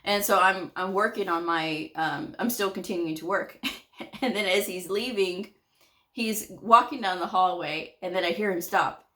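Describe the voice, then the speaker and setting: Chatty low-voiced woman telling work stories. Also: a little slow, pushed and bright. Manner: chatty, laughs often, acts out quoted dialogue. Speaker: medical coder. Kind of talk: casual storytime vlog.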